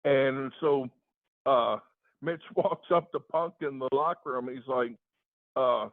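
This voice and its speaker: A man's voice: mid-range voice, slow, no echo. A man guesting on a podcast, telling stories in a laid-back way, swearing freely and checking in with "right?". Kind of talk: casual storytelling. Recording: tinny phone-like line.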